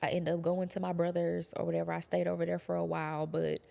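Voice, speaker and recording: A young adult woman quietly recounting a painful personal experience, halting and sometimes dropping to a whisper. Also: fairly low pitch, monotone, creaky. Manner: quiet, halting, drops to a whisper at hard moments. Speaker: guest telling her story. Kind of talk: personal testimony.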